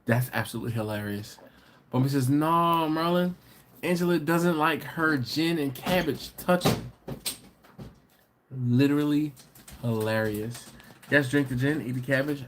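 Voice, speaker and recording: A man with a mid-range voice, carrying a little hiss or hum, hosts a casual livestream. He reads viewer comments aloud and jokes with them, teasing and chatty with quick laughs.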